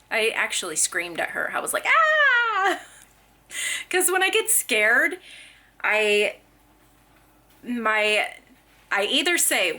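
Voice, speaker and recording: Bright chatty woman vlogging at home. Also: fairly high pitch. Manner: chatty storytelling with laughs. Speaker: vlogger mother. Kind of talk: casual home vlog. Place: family home.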